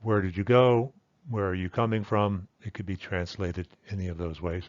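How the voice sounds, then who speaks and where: Low-voiced man teaching patiently, dull dry sound. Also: darkish tone, dry recording. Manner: patient, repeats example words slowly. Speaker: Thai language teacher. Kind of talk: explanatory lesson.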